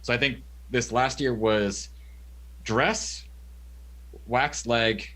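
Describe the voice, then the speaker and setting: A man's voice: medium pitch, very slow, pushed and bright. A man as a podcast guest, talking casually with hesitant fillers and bursts of laughter. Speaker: podcast guest, charity streamer.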